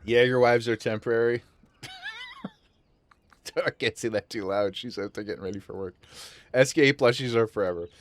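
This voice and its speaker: A man's voice: medium pitch, wildly swooping pitch, normal speed, long pauses. A man streaming a video game from home, joking and laughing a lot as he chats and reads the game's dialogue aloud. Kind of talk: casual live gameplay commentary.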